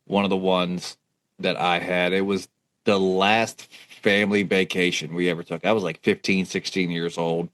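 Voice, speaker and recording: A man's voice: low voice, little pitch movement, moderate pace, a bit bright. A man in his thirties from West Virginia, telling a road trip story in casual podcast chat, laughing and restarting as he goes. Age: 30s. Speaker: podcast co-host.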